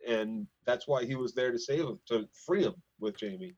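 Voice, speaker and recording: A man's voice: mid-range voice, moderate pace, lo-fi sound. A man co-hosting a casual TV recap podcast, retelling scenes and acting them out as he goes. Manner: animated retelling, acts out scenes. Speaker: podcast co-host.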